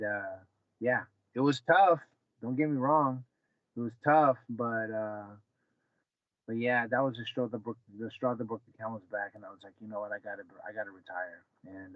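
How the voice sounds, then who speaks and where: A man in his forties, once a fighter and now a coach, talks casually about his past in a lowish voice. He's animated, slipping into the voices of people in his story and acting out exchanges with his son. The recording is dull and dry with no room sound, like a padded room.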